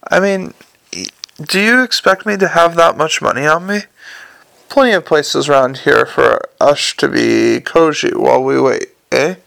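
Guy doing a slick smooth talker, calm and dry, a bit raspy low end. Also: a little slow, heavily acted. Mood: persuasive. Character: smooth-talking male con man, cool under threat.

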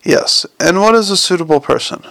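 A man reading an audiobook, voicing a sharp-tongued, imperious old woman who owns a bank. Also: high-pitched, animated, fairly quick, gravelly, dry recording, voice pushed up, exaggerated voice. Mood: dry, cynical. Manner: imperious, cynical and snappish.

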